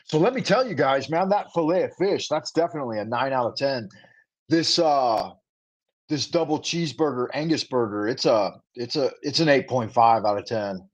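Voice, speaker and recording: On a livestream setup, a man hosts a casual food review, chatting playfully with viewers through rhyming patter and asides. His mid-range voice is expressive and moderately paced.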